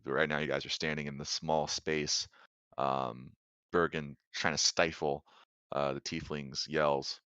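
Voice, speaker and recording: A man's voice: rumbling low, flat delivery, measured pace, pushed and bright, clean tone, no room sound, highs cut off. A man narrating a tabletop game as dungeon master in a rambling, filler-heavy, laid-back way.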